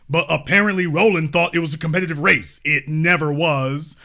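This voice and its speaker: A man's voice: on the high side, steady tone, fairly quick, sharp tone. A man hosting his own political commentary show, talking in an emphatic, mocking way and repeating his lines for effect. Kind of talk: animated political commentary monologue.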